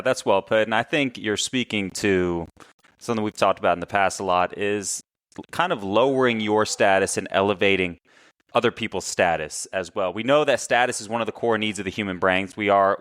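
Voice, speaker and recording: A man as a podcast guest and coach, talking in casual, animated conversation and telling stories, often correcting himself. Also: fairly low pitch, normal speed, clean tone, no echo, clean studio sound. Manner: animated storyteller, chatty, self-correcting.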